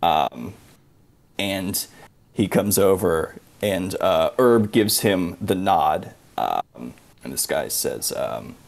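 Game master, male, low gravelly voice, laid-back narration. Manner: relaxed, halting, many fillers.

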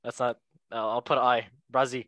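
A man's voice: mid-range voice, animated, fairly bright tone, no room sound. Male host, playful, joking, dry close-mic sound. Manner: playful, joking, quick asides. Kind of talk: casual chat.

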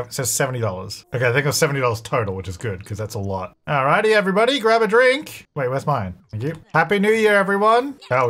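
A young man casually commenting on his gameplay, chatty and excitable, often talking to the characters on screen. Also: fairly high pitch. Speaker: gaming YouTuber. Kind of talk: casual let's-play commentary.

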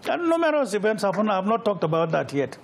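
A man's voice: high-pitched, sing-song, fast talker, gravelly, a little hiss or hum. A middle-aged Nigerian man answering interview questions, emphatic and repeating phrases for weight. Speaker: political candidate, guest.

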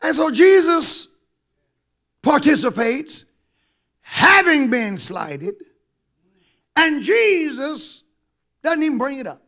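High-voiced male preacher. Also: sing-song, slow pace, long pauses, bright, forceful tone. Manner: emphatic, engages the congregation. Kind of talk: sermon.

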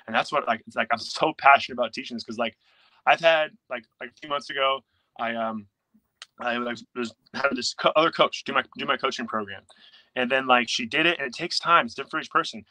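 A young man speaking as a coach in a casual interview, rattling along at a fast clip. His voice is bright and forceful. He is animated and slips into quoted inner voices as he explains. The recording is dry and close. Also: mid-range voice, no room sound, rough recording.

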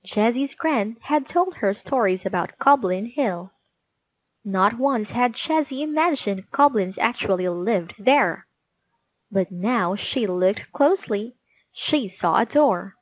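A woman reading a children's storybook aloud, gently and clearly. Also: mid-range voice, lively intonation, takes it slowly.

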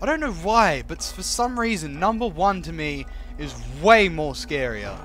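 A man's voice: fairly high pitch, sing-song, moderate pace, a bit bright, faint music behind. A man playing a horror game, reacting with jumpy swearing and nervous laughter. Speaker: let's play gamer.

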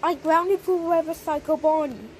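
A woman's voice: sits high, moderate pace, darkish tone, a little hiss or hum, close to an everyday voice. A synthetic woman's voice speaking for cartoon figures, a stern adult woman in authority who scolds stiffly and repeats herself. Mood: scolding. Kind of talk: text-to-speech cartoon voices.

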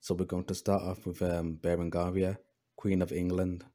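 A low-voiced man narrates over images like a preacher, leaning on the word brothers and circling back on his own phrases. His tone is deep and mellow, with plenty of ums and restarts. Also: completely flat delivery, normal speed. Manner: preachy, addresses listeners as brothers; repeats words, frequent fillers and restarts. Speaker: history video host.

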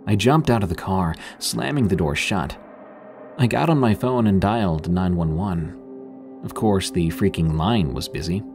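Deep-voiced man narrating a horror story. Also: a little slow. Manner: tense, dramatic storytelling. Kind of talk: scripted first-person horror narration. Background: faint background music.

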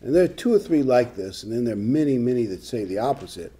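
A man's voice: mid-range voice, animated, fast talker, warm tone, slight background noise. An older man preaching a sermon, reading scripture and adding conversational, humorous asides. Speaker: pastor.

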